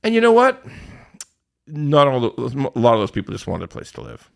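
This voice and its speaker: A man's voice: mid-range voice, huge pitch swings, a little fast, gravelly. A man hosting a casual podcast chat, swearing freely, laughing often and restarting his sentences with repeated words. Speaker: podcast host.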